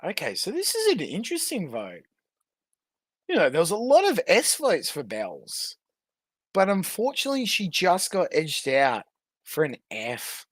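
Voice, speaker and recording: A streamer ranks online personalities in casual, crude live-stream commentary, mocking people in the clips with plenty of profanity and frequent laughs. His high voice swoops wildly in pitch at a measured pace. The sound is clean studio quality with no echo.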